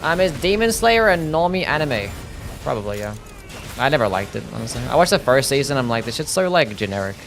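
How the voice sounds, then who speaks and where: A man's voice: mid-range voice, very animated, brisk, gravelly, a bit bright. A young man streaming a game live, talking casually, swearing and reading chat aloud. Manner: laid-back, swears, reads chat aloud. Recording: faint music behind.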